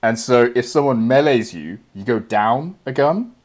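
A man's voice: mid-range voice, expressive, normal speed. A man chatting on a podcast, explaining things and teasing his friends. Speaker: podcast co-host. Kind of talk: casual chat.

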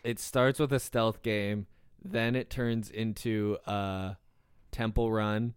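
A man's voice: lowish voice, fairly even intonation, slow pace, smooth, dry recording, clean studio sound. A man co-hosting a casual podcast chat, pushing back and explaining his ideas. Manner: argumentative, pushes back and explains. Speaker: podcast co-host.

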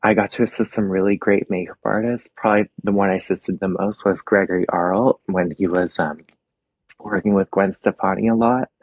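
A young adult man being interviewed, telling personal stories openly and with feeling, with soft laughs now and then. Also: low-pitched, steady tone, a little fast, breathy edge. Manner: open, emotional storytelling with soft laughs. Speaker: guest, makeup artist. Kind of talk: casual interview.

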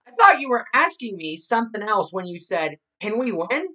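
A woman's voice: mid-range voice, very animated, normal speed, sharp tone, voice pushed up. A woman putting on a mocking impression of a blustering older male radio talk host. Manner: mocking, exaggerated.

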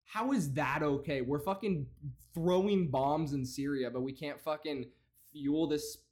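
A man's voice: fairly high pitch, measured pace, darkish tone. A man hosting a comedy podcast, ranting and mocking with lots of swearing and laughter. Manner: profane, mocking, laughs a lot. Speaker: podcast host.

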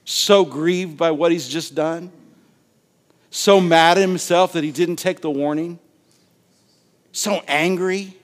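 A man with a fairly high voice preaches in a drawl. He is lively and conversational, and he jumps into character voices to act out the Bible stories he tells. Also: unhurried. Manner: animated, acts out Bible scenes with voices and laughter. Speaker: pastor. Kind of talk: sermon.

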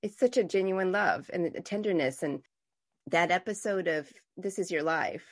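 A woman hosts a podcast interview in conversation, speaking enthusiastically and effusively and often restarting her sentences. Her voice is fairly low, at a moderate pace.

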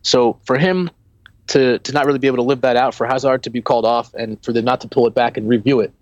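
A man co-hosting a casual football podcast, talking in an animated, rambling way with many restarts. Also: mid-range voice, quick pace, dry recording, lo-fi sound. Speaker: podcast co-host.

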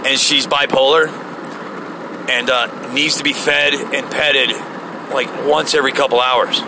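A man's voice: mid-range voice, fairly even intonation, creaky, noisy background. A man voicing a young male job applicant who rambles and stumbles over his words. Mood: rambling. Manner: halting, filler-heavy, stumbling over words.

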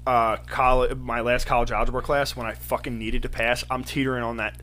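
A young man spinning an animated, profane story in relaxed chat. His voice is bright and forceful, and he slips into quoted voices as he goes. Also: medium pitch, fairly quick.

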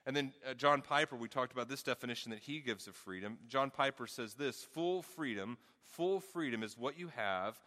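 A middle-aged man preaching a sermon with a softened Southern accent, earnest and repeating words as he thinks aloud. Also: mid-range voice, lively intonation, normal speed, few pauses. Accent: Southern US, softened by Midwest. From American South. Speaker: pastor. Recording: long reverb of a large hall.

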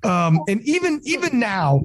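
A man with a husky, slightly breathy voice whose pitch swings widely as he tells stories. He chats casually and swears freely, slipping into the voices of the people he quotes. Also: moderate pace. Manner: animated storyteller who swears freely and acts out quotes. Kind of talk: casual podcast chat.

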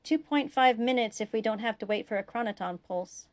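Lady doing a jumpy young guy pilot, rattling off reports fast. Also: on the high side, natural voice. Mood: tense. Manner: tense, quick reports. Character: young male ensign piloting a small ship.

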